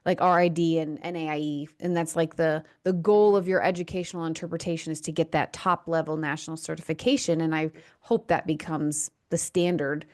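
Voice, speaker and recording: Relaxed woman podcast host, lower voice. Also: brisk. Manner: relaxed, conversational, frequent agreeing backchannels. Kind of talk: casual podcast conversation.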